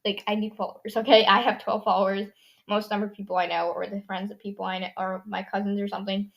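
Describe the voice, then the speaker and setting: A woman's voice: medium pitch, level tone, fast, gravelly, highs cut off. Teenage girl, solo podcast host, casual rambling chat, sarcastic, filler-heavy. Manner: chatty, sarcastic, lots of "like" and "um".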